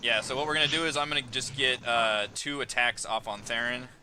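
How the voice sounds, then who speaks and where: A man narrating a tabletop game as dungeon master, animated, jumping into high yelping voices for guards. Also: brisk, over a noisy crowd.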